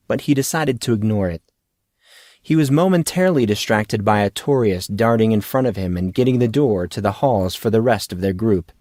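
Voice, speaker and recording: A man narrating a fantasy audiobook with a steady storytelling delivery, on a close studio mic. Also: lowish voice, no echo. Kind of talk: scripted narration.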